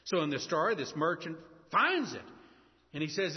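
Acting out the characters' voices in a story, a man preaches a sermon to his church congregation. He's very animated and brisk, with a slightly high, breathy voice, recorded lo-fi in a church hall with long reverb.

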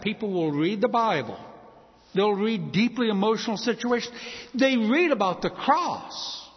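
A man preaching a sermon as pastor, expressive, with emphatic rises and slow, weighty pauses. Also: high-pitched, slightly rough. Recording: muffled hall reverb.

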